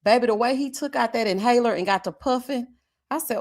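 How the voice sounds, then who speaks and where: A woman hosts a casual live stream, chatting straight to her viewers and reading their comments. She often laughs and gives drawn-out murmurs of agreement, in a slightly high voice.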